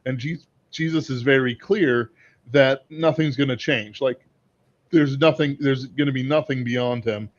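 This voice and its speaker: Halting man on a dull, lo-fi mic. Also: medium pitch. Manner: halting, searching for words, many restarts. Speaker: podcast co-host. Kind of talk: casual livestream discussion.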